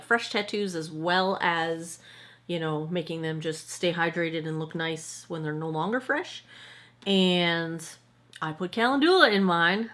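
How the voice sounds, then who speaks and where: A fortyish skincare vlogger who also makes products talks in a voice on the low side with a fairly bright tone. Her casual, chatty review, filmed indoors at home facing a monitor, rambles and is full of mid-sentence self-corrections.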